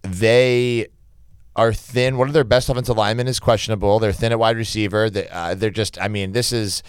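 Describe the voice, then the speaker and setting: A man's voice: fairly low pitch, steady tone, brisk, clear, resonant tone, no echo, studio quality. A young man co-hosting a casual sports betting podcast, rambling and restarting his sentences as he gives his picks. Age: young adult. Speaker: podcast co-host.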